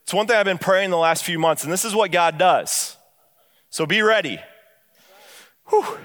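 High-voiced man preaching a sermon. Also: big-room sound. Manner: emphatic preaching, dropping soft and low on key phrases; bursts of quick storytelling between slow, stressed lines. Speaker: pastor. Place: church.

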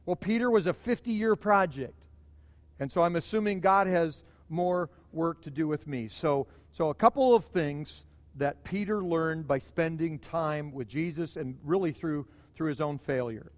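Man, pastor, middle-aged, high voice, conversational sermon, long church reverb. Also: unhurried. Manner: conversational preaching, animated emphasis.

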